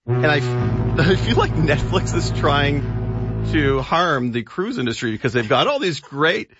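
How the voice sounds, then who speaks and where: A man's voice: on the high side, faint music behind. A man co-hosting a radio show, chatting casually about films and streaming with frequent fillers and restarts. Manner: relaxed, chatty, halting with fillers. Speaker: radio co-host, film reviewer. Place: radio studio. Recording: dull lo-fi radio broadcast.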